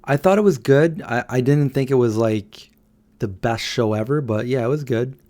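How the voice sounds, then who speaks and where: A man's voice: mid-range voice, normal speed, warm tone. Guy in his 30s rambling on a late night stream, just chatting with viewers and reading comments. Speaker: livestream host. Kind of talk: casual late-night livestream chat.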